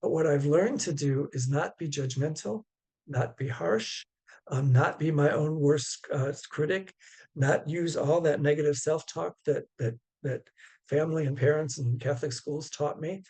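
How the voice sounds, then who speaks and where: A man, a Zen teacher, giving a dharma talk over a video call in a gentle, unhurried way, halting often with fillers. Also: fairly high pitch, slightly rough.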